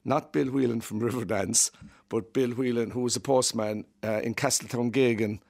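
A man's voice: mid-range voice, steady tone, moderate pace, creaky, darkish tone. A man with an Irish accent chatting on radio as a regular, telling anecdotes and chuckling as he talks. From Ireland. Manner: anecdotal, jokey, chuckles while talking. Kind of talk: casual radio chat.

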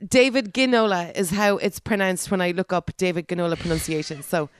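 A woman's voice: lowish voice, fairly quick, slight background noise. A woman co-hosting a radio show, chatty and questioning in casual banter. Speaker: radio co-host.

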